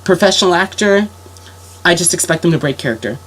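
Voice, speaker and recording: A woman's voice: lowish voice, lively intonation, fairly quick. A young woman with a sick voice telling a story in a rambling, casual way, full of fillers and restarts. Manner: rambling, lots of fillers and self-corrections. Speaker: vlogger.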